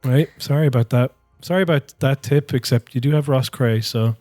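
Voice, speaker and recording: A man's voice: mid-range voice, a little fast, a little mellow, no echo, faint music behind. A man with an Irish accent, chatting casually as a podcast co-host, rambling through stories with lots of fillers, restarts and swearing.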